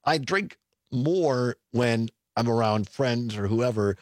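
A man's voice: mid-range voice, expressive, slow, no echo. A middle-aged man hosting a radio talk show, chatting casually with frequent chuckles and self-corrections. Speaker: radio host. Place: radio studio. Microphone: studio mic.

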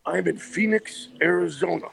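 Hoarse man calling in from outside. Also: high-pitched, moderate pace, fairly bright tone. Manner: chatty, restarts often. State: hoarse, losing his voice. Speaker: athletic director calling in. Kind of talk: casual phone chat. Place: outdoors by a busy street.

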